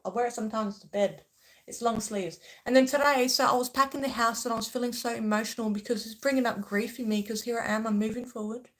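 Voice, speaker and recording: A woman hosting a spiritual channel, speaking earnestly and passionately to her viewers, often checking in with "okay?". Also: a little high. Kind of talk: emotional spiritual talk to viewers.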